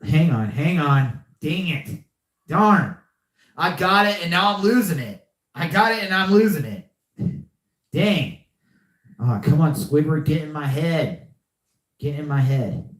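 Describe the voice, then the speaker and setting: A man's voice: on the high side, lively intonation, slow, pauses often, fairly bright tone, reverberant. A young man hosting a live podcast, chatting casually and often repeating himself. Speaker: podcast host. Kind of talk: casual live-stream chat.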